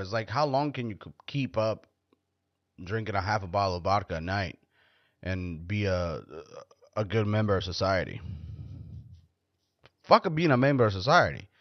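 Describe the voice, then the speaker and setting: A man's voice: on the low side, no echo. Blunt, foul-mouthed man rambling. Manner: profane, blunt, joking. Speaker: podcast host. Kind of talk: casual rambling monologue. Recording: dull, dry lo-fi recording.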